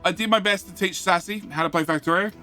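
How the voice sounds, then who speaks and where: Excitable high-voiced man streaming games. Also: quick pace, faint music behind. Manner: excitable, jokey, shouts greetings to viewers; stammers and repeats words. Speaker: game streamer. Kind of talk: live game stream chat.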